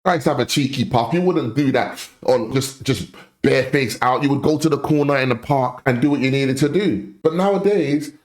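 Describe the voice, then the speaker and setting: A man's voice: mid-range voice, moderate pace, few pauses. Blunt impassioned man ranting. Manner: blunt, impassioned, repeats points for emphasis. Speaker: commentary host. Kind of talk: opinion rant reacting to a clip.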